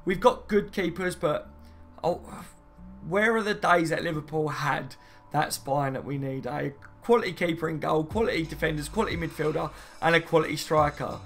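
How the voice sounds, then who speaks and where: Chatty man streaming, slightly high voice. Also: steady tone, normal speed, fairly bright tone, soft background music. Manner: rambling, chatty, reads viewer comments aloud; frequent fillers like "you know what I mean" and "mate". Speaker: football fan streamer. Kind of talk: casual live-stream chat.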